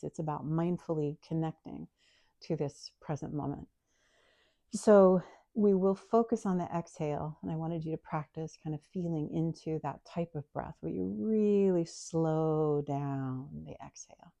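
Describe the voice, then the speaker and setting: Woman yoga teacher, low warm voice, calm guided instruction, dry close sound. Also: no echo. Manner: calm, soft-spoken, explanatory.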